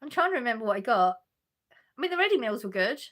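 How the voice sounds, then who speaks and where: A woman's voice: on the high side, sing-song, fast, fairly bright tone. A woman, chatting casually on a livestream from her sofa at home, reading out and answering viewers' messages with frequent laughs and restarts. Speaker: livestream host reading chat.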